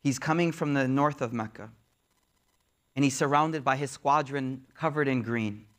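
A man preaching a storytelling sermon, lively and casual, acting out the people in the story. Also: mid-range voice, normal speed. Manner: lively, acts out the quoted figures, uses casual slang.

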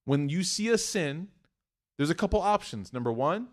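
A man's voice: on the high side, moderate pace. A man giving a sermon, acting out the voices in his stories with humor, then exhorting earnestly. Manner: acts out story voices, animated and joking. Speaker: preacher. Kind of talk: storytelling sermon.

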